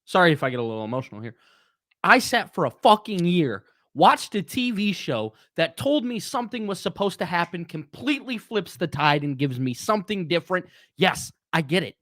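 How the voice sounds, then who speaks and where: A man's voice: sits high, big pitch swings, a little fast, fairly bright tone, no echo, clean studio sound. A man hosting a livestream, giving a heated, profane rant about the latest show. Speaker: channel host. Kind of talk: livestream wrestling talk.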